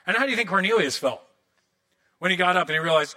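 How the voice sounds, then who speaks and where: A man with a high, bright voice preaches from the pulpit. He tells the story in an animated way and breaks it up with joking asides. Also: quick pace, long pauses. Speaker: pastor. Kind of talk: sermon.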